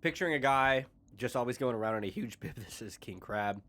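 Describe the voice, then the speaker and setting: A man's voice: medium pitch, brisk, few pauses, fairly bright tone. Man riffing on puns while streaming. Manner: rambling wordplay, reads chat aloud in silly voices. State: eating while talking. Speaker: streamer playing a mech strategy game. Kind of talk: casual joking chat over gameplay.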